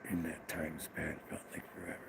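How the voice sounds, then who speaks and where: A man from Israel hosting a livestream, telling family stories in a casual, profane, animated way. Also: extremely low pitch, a little fast, gravelly, noisy background. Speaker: livestream host. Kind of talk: casual storytelling.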